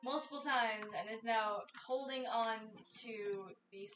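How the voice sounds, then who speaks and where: Halting woman in an echoey room. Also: on the high side, fairly bright tone, soft background music. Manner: halting, full of ums and restarts. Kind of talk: casual chat.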